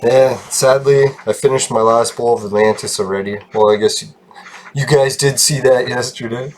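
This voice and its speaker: A man's voice: medium pitch, steady tone, normal speed. Gaming host, male, mid-range voice, loose rambling commentary with frequent laughs, faint background hiss. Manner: rambling, self-deprecating, laughs often and swears. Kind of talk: casual gameplay commentary.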